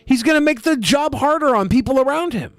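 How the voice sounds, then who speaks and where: A man co-hosting a podcast in casual chat, blunt and quick to swear, often repeating words as he starts a thought. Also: very high-pitched, lively intonation, no echo. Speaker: podcast co-host.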